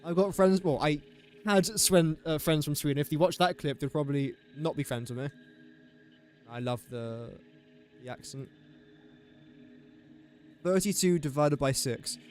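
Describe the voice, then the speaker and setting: Lad streaming a game, bit higher voice, muttering through maths and chatting to chat, some quiet music. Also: male voice, unhurried, long pauses. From England. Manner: thinks aloud while doing sums, chatty and joking. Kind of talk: casual live-stream chat.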